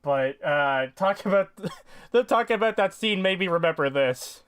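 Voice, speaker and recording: A man hosting a livestreamed podcast and thanking donors in an easygoing manner. He speaks slowly, with a lively, swinging pitch. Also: clear, resonant tone. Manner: slow, easygoing, reads donations. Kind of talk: casual chat.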